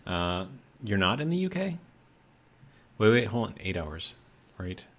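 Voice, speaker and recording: A man's voice: on the low side, sing-song, measured pace, fairly bright tone. An American man chatting casually on a live stream, rambling with lots of fillers while he reads out chat messages. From United States.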